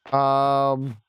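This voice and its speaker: A man with a smooth, medium-pitched voice streams a game and spins casual stories. His talk is packed with swearing and fillers.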